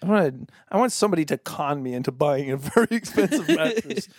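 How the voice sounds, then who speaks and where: A man's voice: fairly high pitch, animated, fast talker, no room sound, clean studio sound. A young man co-hosting a podcast, chatting casually and acting out silly voices with lots of giggling. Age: young adult. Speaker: podcast co-host. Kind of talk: casual chat.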